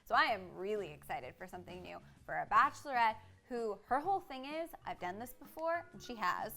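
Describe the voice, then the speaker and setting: A young adult woman co-hosting a TV recap show, chatting casually and acting out quotes in animated little voices. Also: medium pitch, a little fast, vocal fry. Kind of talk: casual chat.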